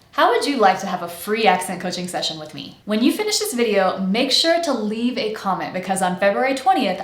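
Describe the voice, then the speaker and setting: A woman's voice: medium pitch, echoey room. An American woman in the role of an accent coach, giving a pronunciation lesson and carefully articulating each sound.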